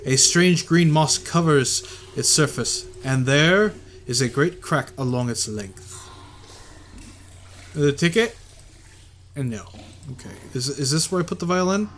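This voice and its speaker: A man with a slightly high voice talks his way through a video game, mixing offhand muttering with text read aloud. Now and then he gets worked up and rants in exasperation. A faint hum sits under the recording. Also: animated, measured pace, a bit bright. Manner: casual, muttering, bursts into exasperated ranting. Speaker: gaming video host. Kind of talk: let's play commentary, reading game text aloud.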